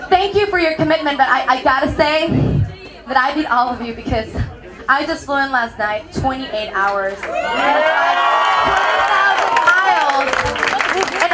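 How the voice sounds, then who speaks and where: A young woman from Mexico performs stand-up, her voice riding high as she jokes at her own expense. She laughs through her own punchlines. A live audience murmurs and laughs around her. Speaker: stand-up comedian. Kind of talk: stand-up comedy set. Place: comedy venue with a live audience. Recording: crowd noise from a live audience.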